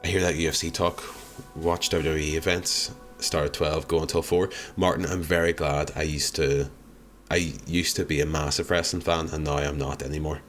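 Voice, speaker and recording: A man's voice: a bass voice, steady tone, moderate pace, fairly bright tone, soft background music. A young man chatting casually on a live stream, answering viewer comments in a rambling, wry, self-deprecating way. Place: home streaming room.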